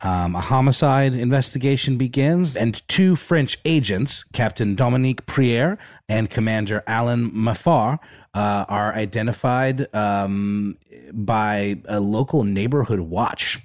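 A man's voice: lowish voice, a little slow, no room sound, clean studio sound. A man co-hosting a podcast, talking casually and easygoingly with many fillers. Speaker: podcast co-host. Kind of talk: casual conversation.

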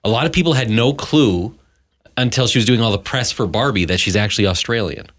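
A man's voice: fairly low pitch, a little fast, fairly bright tone. A man co-hosting a podcast in casual chat, with a dry, joking manner. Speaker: podcast co-host.

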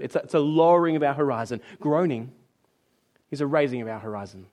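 A man preaching a sermon in an animated way, acting out complaining voices and dropping low and quiet for scripture readings. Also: brisk.

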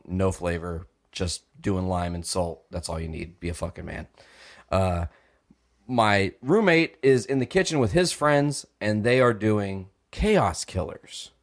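A man's voice: lowish voice, measured pace. A young man co-hosting a podcast, telling a long profane story and acting out the voices in it. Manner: profane, acts out quoted voices. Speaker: podcast co-host. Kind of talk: animated storytelling.

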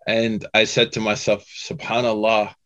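A man telling a personal story in a talk to a Muslim audience, chatty and animated, full of "you know" and "man". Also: medium pitch, normal speed, muffled recording. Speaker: Muslim speaker giving a talk.

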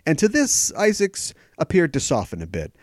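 A man's voice: on the high side, wildly swooping pitch, moderate pace, no echo, studio quality. A man hosting a podcast, giving jokey commentary full of sarcastic asides. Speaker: podcast host.

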